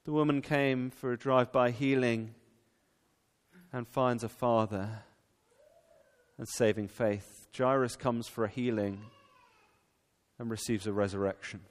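Animated preacher in a reverberant hall. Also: male voice, medium pitch, unhurried, pauses often. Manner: animated, with frequent fillers and restarts. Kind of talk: sermon. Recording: long reverb from a large hall.

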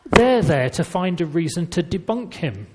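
A man's voice: a little high, normal speed. A man preaching a sermon in a conversational, storytelling way. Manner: conversational storytelling with lively emphasis. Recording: reverberant church hall.

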